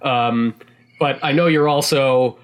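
A man's voice: medium pitch, steady tone, slow pace, a little hiss or hum, close to an everyday voice. A man voicing a laid-back male hospital administrator, talking in a casual, reassuring way. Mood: easygoing.

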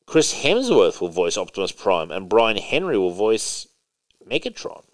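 A man's voice: on the low side, very animated, a little slow. A man co-hosting a casual podcast about comics and movies, rambling and emphatic, swearing now and then. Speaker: podcast co-host.

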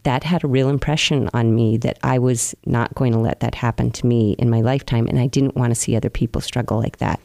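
A woman's voice: a bass voice, steady tone, gravelly, no room sound. Earnest woman telling her life story. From New England, US. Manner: earnest, open storytelling with soft pauses. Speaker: interview guest. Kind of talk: reflective conversational interview.

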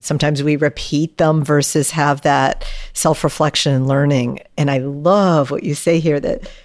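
A woman hosting an interview, measured and affirming as she asks questions. Her voice is low-pitched. The sound is dry and close to the mic. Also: steady tone, a little mellow, no echo. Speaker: podcast host.

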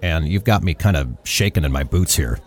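A man's voice: sits low, a little fast. A man co-hosting a podcast, talking casually with lots of ums and restarts. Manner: hesitant with many fillers, animated. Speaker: podcast co-host. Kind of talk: casual chat.

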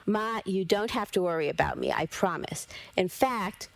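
A woman voicing a quiet, soft-spoken clay golem son. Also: mid-range voice, expressive, vocal fry. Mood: soothing. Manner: slow, soft, few words. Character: gentle gray clay golem son, young man, quiet.

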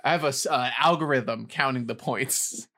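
A woman's voice: a bass voice, normal speed, a bit bright. A woman hosting a casual livestream quiz, teasing and giggly. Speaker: quiz host.

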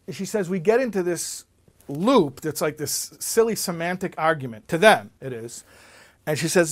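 An animated male speaker with a high voice, telling a story to his listeners. He often repeats words when he gets going, and he shifts between loud bursts and quiet asides. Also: moderate pace. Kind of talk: storytelling talk.

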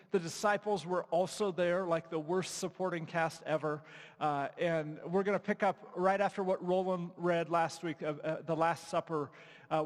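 Male pastor, slightly higher voice, casual emphatic sermon delivery, long hall reverb. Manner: conversational, emphatic, with frequent fillers.

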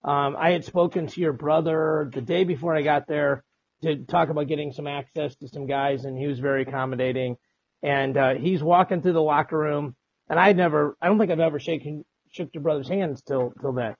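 A male sports reporter telling a quick anecdote in an interview, chatty with some stammering. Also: on the high side, steady tone, husky, dry recording. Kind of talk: interview storytelling. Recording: dull lo-fi dry recording.

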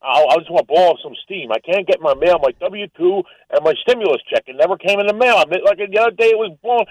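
Stammering fast-talking male caller. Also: high-pitched, no room sound, poor audio. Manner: stammering, agitated, joking. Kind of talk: phoned-in rant.

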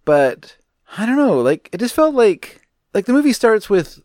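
A man's voice: sits high, very animated, moderate pace, darkish tone, no room sound, studio quality. A man co-hosting a movie review podcast, chatting in an easygoing, rambling way and laughing often. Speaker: podcast co-host. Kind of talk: casual movie review chat.

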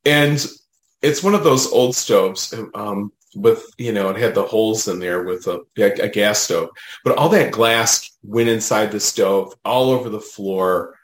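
A low-pitched man chatting through a story with lots of "you know" and "right?". His voice sits in a roomy, echoey space. He tells it casually, with animated emphasis. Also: measured pace. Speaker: guest, medium.

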